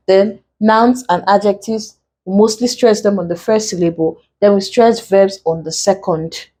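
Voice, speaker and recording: A mellow, mid-range female voice belongs to an English tutor with a Nigerian accent giving an exam-prep lesson. She spells out letters and walks through each rule step by step, keeping her delivery slow and deliberate.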